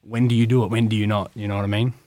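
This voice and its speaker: An Australian man rattles through his story at a quick clip, leaning on "like" and restarting his sentences. He sounds close and dry, with no room around him. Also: fairly low pitch, little pitch movement, dark tone, dry recording. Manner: rambling, many "like" fillers. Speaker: guest, wrestling tryout athlete. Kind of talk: casual storytelling interview.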